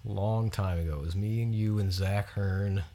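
A man's voice: lowish voice, steady tone, moderate pace, mellow. A man chatting casually as a podcast guest, giving short, laid-back replies. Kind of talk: casual chat.

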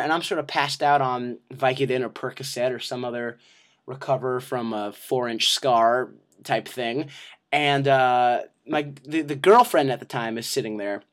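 A man hosting a podcast, telling a comic personal story in a profane, self-mocking and animated way. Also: mid-range voice. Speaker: podcast host.

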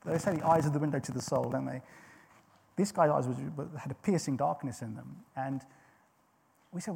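A man's voice: medium pitch, a little fast, gravelly, slightly rough. A middle-aged man preaching a sermon, telling a personal story in an earnest way with frequent restarts.

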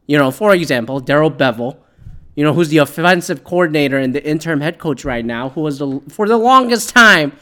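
A man's voice: fairly high pitch, expressive, a little fast, bright, forceful tone. A man ranting casually about football, profane and sarcastic, with lots of fillers and asides. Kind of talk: casual opinionated sports rant.

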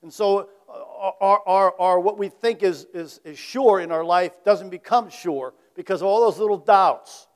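A man with a high voice preaches to his congregation in an easy, talking manner. He keeps turning to the crowd with rhetorical questions, then lets his voice fall to a soft "isn't it?". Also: measured pace, few pauses. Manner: conversational, asks the audience rhetorical questions; varies loudness, dropping to quiet tag questions. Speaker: pastor. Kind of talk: sermon.

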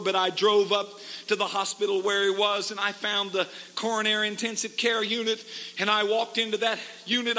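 A high, bright-voiced man preaching a revival sermon in a church. His delivery swings from hushed storytelling to fervent, shouted exhortation. The sound carries a long hall echo.

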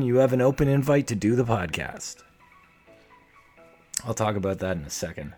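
A man hosting a solo comedic podcast, talking in a wry, rambling, self-deprecating way. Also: mid-range voice. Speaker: podcast host. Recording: faint music playing behind. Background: soft background music.

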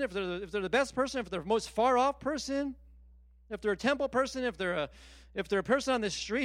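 High-voiced man preaching a sermon. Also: fast, no room sound, clean studio sound. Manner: animated, repetitive emphasis with stammered restarts. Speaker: pastor.

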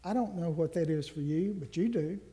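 Earnest high-voiced male preacher. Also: dark tone. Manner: earnest, slows down on key phrases. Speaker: minister. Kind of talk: Ash Wednesday sermon.

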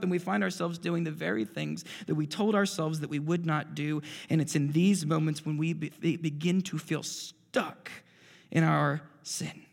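A man in his thirties preaching a sermon as pastor, an animated storyteller who swings from loud bursts to quiet asides. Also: on the high side, moderate pace, vocal fry. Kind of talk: sermon with personal stories. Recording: preacher's voice ringing in a large reverberant hall.

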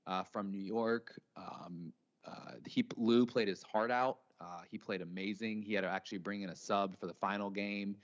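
A man's voice: on the low side, fairly even intonation, moderate pace, highs cut off. A man co-hosting a podcast in casual chat, telling stories and making his points with growing energy. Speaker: podcast co-host.

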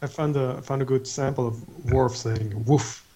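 Dry low-key podcast man. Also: fairly even intonation, normal speed, mellow. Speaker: podcast co-host. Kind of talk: casual podcast chat.

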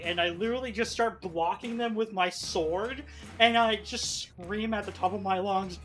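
An animated man chatting on a podcast and telling a story with lots of energy. He acts out his own lines as he goes, and there is faint music behind him. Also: sits high, normal speed. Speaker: podcast co-host and modder. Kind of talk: casual podcast chat.

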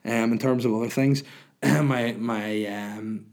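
A male comedian and podcast host answers questions from listeners in a relaxed solo chat. He speaks slowly, with a medium-pitched, darkish voice and fairly even intonation.

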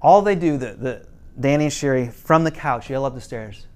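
A man's voice: normal speed, darkish tone, smooth. A middle-aged man teaching a parenting class, telling a story with quoted lines in a casual way. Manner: casual, quotes parents and kids in lowered voices, some restarts.

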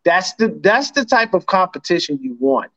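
A man co-hosting a casual sports podcast chat, animated and profane, with frequent laughter. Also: sits high, moderate pace. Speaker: podcast co-host. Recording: dull lo-fi sound.

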